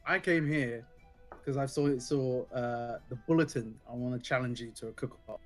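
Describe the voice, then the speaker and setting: A man's voice: mid-range voice, moderate pace. A man playing a tabletop game, speaking boldly and joking around. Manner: bold, jokey. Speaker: player. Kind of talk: tabletop role-play. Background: music.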